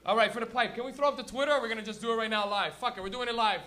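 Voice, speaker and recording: Male stand-up host, crude and rambling, acts out bits; high, bright voice. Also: racing. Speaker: stand-up comedian and show host. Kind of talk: live stand-up comedy. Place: comedy venue before a live audience.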